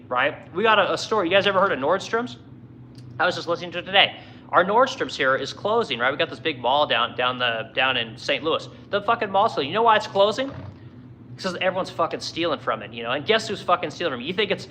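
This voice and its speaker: A man's voice: on the high side, sharp tone, a little hiss or hum, poor audio. A man who owns a furniture business, ranting angrily and swearing constantly in a heated monologue. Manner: profane, angry, heated. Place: furniture workshop in Missouri.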